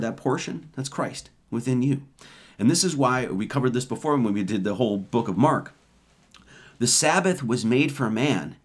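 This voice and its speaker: A man teaching scripture in an informal sermon, often asking rhetorical questions and repeating words for emphasis. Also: mid-range voice. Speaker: teacher of a Bible study.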